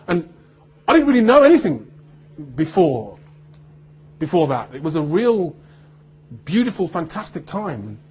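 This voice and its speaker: A man with a neutral standard British accent speaks to a room of students in a very husky, raspy voice that sits fairly high for a man. His speech swings widely in pitch as he tells personal stories with laughter, acting out what other people said along the way. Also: a little slow, pauses often. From Birmingham, England. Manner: animated storytelling with laughter and acted-out quotes.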